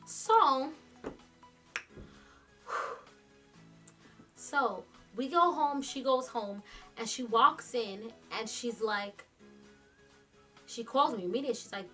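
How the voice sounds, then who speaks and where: A woman vlogger telling a story in casual chat, animated, laughing often and quoting others in quick asides. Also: a little high, faint music behind. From New York.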